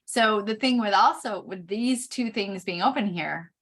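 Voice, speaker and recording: A middle-aged woman giving a chart reading, explaining each point slowly with frequent pauses. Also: mid-range voice, fairly bright tone. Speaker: Human Design reader.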